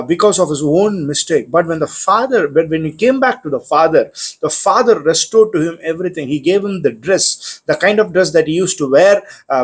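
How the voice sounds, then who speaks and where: Preacher, male, husky and slightly high, fervent sermon delivery with frequent restarts. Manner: restarts phrases, builds to raised fervent delivery.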